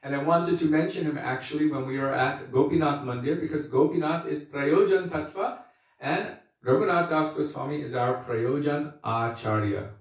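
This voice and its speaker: A man giving a devotional lecture as a spiritual teacher, earnest and unhurried, repeating key phrases for emphasis. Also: fairly high pitch. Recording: echoey and distant from the mic.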